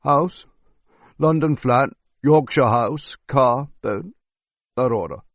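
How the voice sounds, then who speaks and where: A man voicing a terrified male captive, pitched higher, strained and pleading. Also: takes it slowly, no echo, clean studio sound. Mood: shaken.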